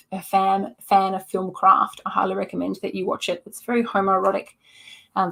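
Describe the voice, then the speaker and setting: Gravelly woman hosting a live Q&A. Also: on the low side. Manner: hesitant, many ums, answers chat questions on the spot. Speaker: festival director hosting a live preview. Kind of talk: unscripted live-stream Q&A.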